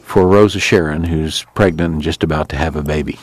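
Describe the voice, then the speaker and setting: A man narrating an audiobook with expressive storytelling. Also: extremely low pitch, brisk, dry recording.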